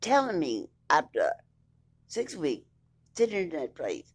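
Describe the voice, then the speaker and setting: A woman's voice: low voice, huge pitch swings, measured pace, pauses often, breathy edge. A woman telling her own court story in a blunt, indignant way, swearing freely and reading papers aloud. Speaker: vlogger recounting her court case. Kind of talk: emphatic personal account, reading documents aloud.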